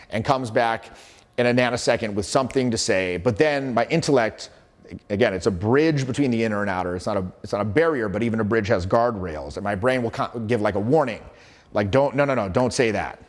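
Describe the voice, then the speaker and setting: Man in his forties, casual teaching talk, brisk storytelling, acted quotes, some swearing, mid-range voice. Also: medium pitch. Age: 40s. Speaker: social skills coach.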